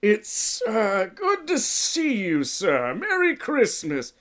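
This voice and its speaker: Guy doing a scared little middle-aged elf, raised pitch, polite and jittery. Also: animated, normal speed. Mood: nervous. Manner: anxious and deferential.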